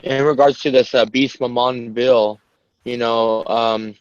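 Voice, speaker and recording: A man who joins a casual online call and talks haltingly, with many restarts. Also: mid-range voice, fairly even intonation, clean tone, faint music behind. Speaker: call guest. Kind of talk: casual discussion. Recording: dry, dull call audio.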